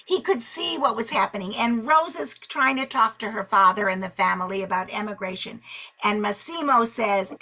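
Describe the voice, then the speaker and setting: A woman leading a book club discussion, animated and acting out the characters' lines as she retells the story. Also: mid-range voice, normal speed.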